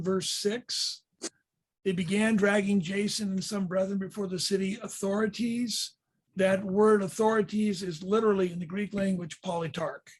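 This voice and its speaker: High-voiced man teaching with slides. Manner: explanatory, frequent fillers and restarts. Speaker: tour leader and teacher. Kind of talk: slide-based Bible history lesson.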